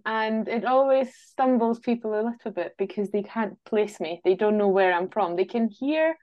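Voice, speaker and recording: An Austrian travel writer chats easily as a guest in a casual interview, laughing now and then. Her accent mixes her native Austrian with a Glasgow Scottish lilt. She speaks at normal speed in a mid-range voice, and the sound is lo-fi.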